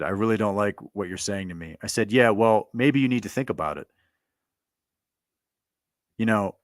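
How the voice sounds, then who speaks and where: Blunt, stammering man with a low voice. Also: no room sound, studio quality. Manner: blunt, provocative, repeats himself with stammered restarts. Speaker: commentator telling a personal story. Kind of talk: monologue recounting a conversation.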